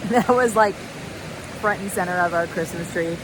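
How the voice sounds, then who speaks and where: A woman with a fairly low voice speaks a little slowly, chatting to the camera about her hike in a giggly, storytelling way. The thru-hiker vlogger is outdoors by a waterfall and creek, and the recording is noisy.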